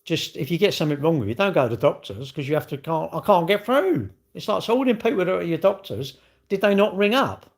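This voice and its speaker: A man's voice: on the high side, lively intonation, fast talker, creaky. A middle-aged man with a British accent, rambling bluntly in slangy casual chat while answering a livestream chat.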